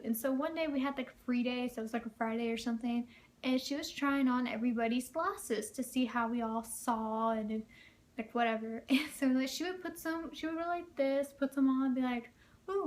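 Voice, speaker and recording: A young woman vlogger telling personal stories in a casual, chatty way, full of fillers and frequent laughter. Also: on the high side. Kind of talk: casual storytelling vlog.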